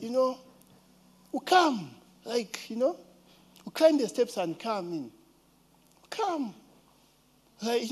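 A man with a Ugandan accent tells a casual story in a high-pitched voice. His pitch swings widely, and he keeps throwing in rhetorical questions. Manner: animated, rhetorical questions, mimics a child's voice.

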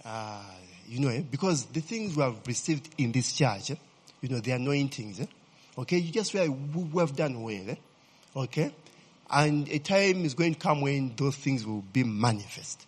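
A man's voice: medium pitch, normal speed, husky. A male pastor preaching a sermon, calling out questions to the congregation and tagging lines with "eh?". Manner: animated, asks the congregation to fill in words, frequent "eh?" tags. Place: church hall. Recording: long reverb of a church hall.

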